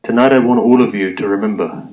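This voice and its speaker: A Muslim preacher delivers a mourning sermon, telling a story conversationally and addressing his listeners directly. His voice is fairly low, quick, and a little mellow, and the sound is lo-fi.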